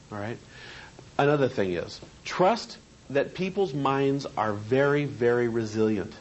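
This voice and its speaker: A man's voice: mid-range voice, a little hiss or hum, low-quality recording. A man teaching a seminar on hypnosis in a training room, talking conversationally and asking the group questions.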